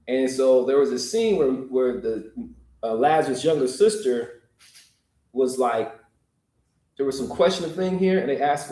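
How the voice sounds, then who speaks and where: Male preacher, mid-pitched, very lively delivery, casual "y'all" storytelling, echoey room. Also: moderate pace. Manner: animated, acts out quotes with jumps in pitch and chuckles; colloquial, uses "y'all". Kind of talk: informal sermon retelling scripture.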